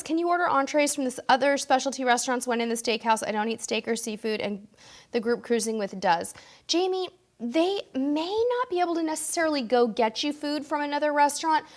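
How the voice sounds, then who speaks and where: Tired, chatty woman livestream host. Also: fairly high pitch. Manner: chatty, reads viewer comments aloud. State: tired, losing her voice. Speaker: livestream host answering viewer questions. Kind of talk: casual live Q&A chat.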